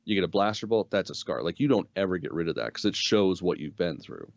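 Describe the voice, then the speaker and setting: A man co-hosting a casual review show, talking in an animated way, swearing freely and acting out lines from scenes. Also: low-pitched, fast, gravelly, no echo, highs cut off. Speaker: podcast co-host.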